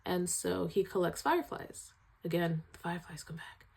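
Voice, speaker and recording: A woman giving a casual video review of a film. She retells scenes in an animated, emotional way, sighing often. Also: on the low side, normal speed, vocal fry, husky.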